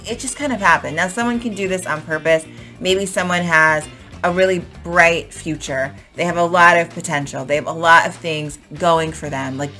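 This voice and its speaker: A woman's voice: fairly low pitch, a bit bright. A woman teaching English vocabulary in a chatty, explanatory way, with everyday examples and fillers. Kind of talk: casual explanatory lesson.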